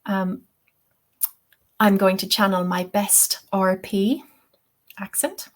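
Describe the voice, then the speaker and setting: An Irish woman leads a webinar lesson at a very unhurried pace, laying out each point patiently. She keeps checking in with her listeners as she goes. Her voice sits at an ordinary, middle pitch. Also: level tone. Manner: patient, explains step by step, checks in with "okay?". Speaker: TEFL teacher.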